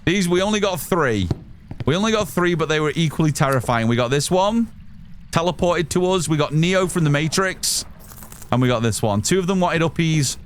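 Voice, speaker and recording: Loud excitable man streaming. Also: a little high, normal speed, a little hiss or hum. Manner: loud, excitable, swears a lot, reads chat aloud. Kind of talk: casual live-stream chat while gaming.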